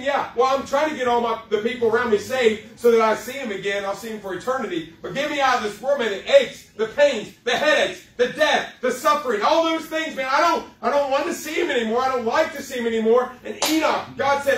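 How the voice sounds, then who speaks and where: A man preaching a youth sermon, folksy and joking, slowing down for dramatic emphasis. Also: extremely high pitch, lively intonation, fairly bright tone, far from the mic. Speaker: youth pastor. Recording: echoey room, speaker away from mic.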